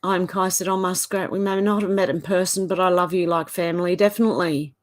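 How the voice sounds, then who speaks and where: A woman's voice: lowish voice, steady tone, fairly quick. A woman with an Australian accent, hosting a livestream and reading viewers' comments aloud, with short reactions in between. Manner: reads each comment, then reacts briefly. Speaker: livestream host.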